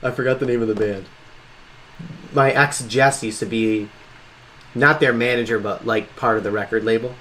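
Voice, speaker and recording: A man in his fifties joking around in a casual cooking chat, playful and quick to laugh. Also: mid-range voice, steady tone, fairly bright tone, slight background noise. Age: 50s. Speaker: co-host.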